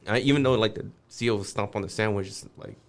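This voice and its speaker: A man's voice: fairly low pitch, fast talker. A man guest on a podcast, telling a street story casually, swearing freely and acting out the voices of the people in it.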